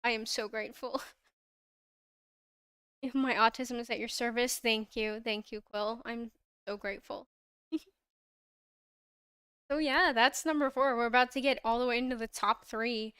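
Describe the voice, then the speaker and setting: A woman's voice: fairly high pitch, steady tone, unhurried, long pauses, fairly bright tone, clean tone, no room sound. A young woman chatting casually on her livestream, gushing about a fandom with frequent giggles and restarts, close to her own microphone. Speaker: livestream host.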